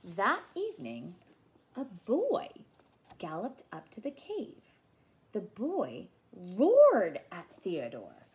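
A woman childcare teacher reading a picture book aloud to young children in an expressive storytelling voice. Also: medium pitch, slow.

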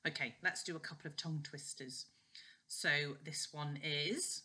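Lady doing voice drills from home, low voice but bright and crisp, chatty. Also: level tone. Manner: chatty, demonstrates twisters slowly with big jumps up in pitch. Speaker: voice exercise coach. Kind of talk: casual home video lesson.

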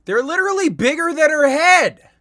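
A woman's voice: high-pitched, lively intonation, normal speed, fairly bright tone, no echo. A woman hosting a reaction video, making dry, sarcastic comments between clips.

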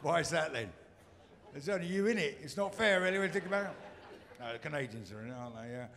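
A man's voice: fairly high pitch, animated, fast, a bit bright, slight background noise. A man from Britain performing a stand-up routine on a comedy stage, teasing the crowd in a dry way.

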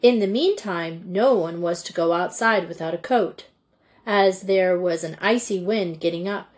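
A woman reading a children's storybook aloud in a measured, deliberate way. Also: on the low side. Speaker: audiobook reader. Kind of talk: storybook narration.

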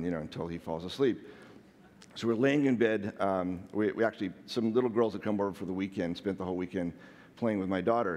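A man's voice: fairly low pitch, a little mellow, big-room sound. A man telling funny personal stories on stage, self-deprecating and playful. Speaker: speaker. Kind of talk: storytelling talk on stage. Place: large hall.

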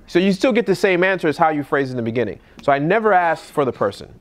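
A man, a real estate investor, giving casual seminar talk at a live event and acting out phone scripts in a lively voice. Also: fast talker, few pauses. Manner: animated, acts out calls in a higher voice.

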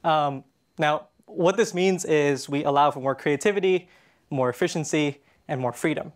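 A man's voice: a little high, moderate pace. A Canadian man giving a casual conference presentation, talking with many fillers and restarts. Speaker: conference speaker. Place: conference stage in a hall.

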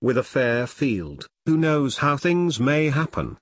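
A man's voice: mid-range voice, sing-song, slow pace, no room sound, clean studio sound. A man voicing a villainous club president in an audiobook, talking eagerly and boldly. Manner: eager, bold.

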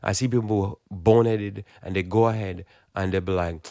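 A man's voice: lowish voice, steady tone, normal speed, mellow, dry recording. A man giving a blunt, emphatic, informal sermon, often repeating words as he builds his point. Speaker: Christian preacher. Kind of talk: informal preaching monologue.

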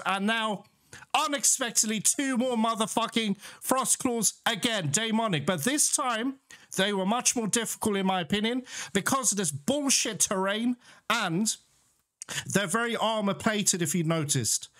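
Excitable high-voiced man doing gameplay commentary. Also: measured pace. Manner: excitable, swears and cheers at the game. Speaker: gaming channel host. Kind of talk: let's play commentary.

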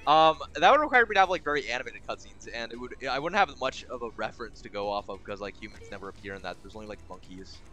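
A young man streaming a game, rambling in casual commentary, swearing often and swinging between exasperation and giddy excitement. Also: medium pitch, quick pace, few pauses.

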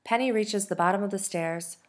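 A woman, a teacher, reading a novel aloud in soft, steady storytelling. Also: medium pitch, brisk. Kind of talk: audiobook narration.

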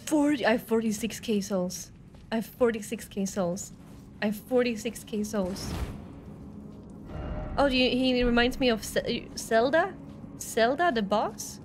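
High-voiced excitable woman streamer. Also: unhurried, a little hiss or hum. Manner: excitable, jumps between nervous chatter and yelping. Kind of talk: live gameplay commentary.

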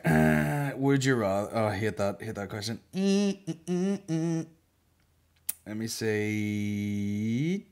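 A Northern Irish man hosting a comedy podcast, swearing freely and animated in casual banter. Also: fairly low pitch, slow, gravelly, clear, resonant tone. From Northern Ireland. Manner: sweary, animated, mimics voices mid-story. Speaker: podcast host.

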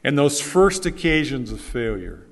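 Male pastor, mid-pitched, earnest emphatic sermon delivery, long church reverb. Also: animated, measured pace. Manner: earnest, emphatic preaching with repeated key phrases. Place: church sanctuary.

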